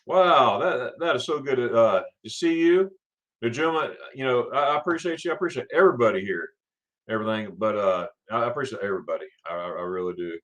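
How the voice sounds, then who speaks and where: A middle-aged man from Florida chats through a casual morning livestream, repeating words as he goes and greeting viewers one by one. His pitch rises and falls in a lively way, and he sounds friendly and loose. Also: fast talker. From Florida, USA. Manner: rambling, repeats words, greets chatters warmly by name. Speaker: livestream host.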